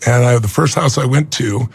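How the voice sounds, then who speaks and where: A man's voice: medium pitch, normal speed, creaky, husky. A man in his sixties telling a personal story as an interview guest, earnest and reflective. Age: 60s.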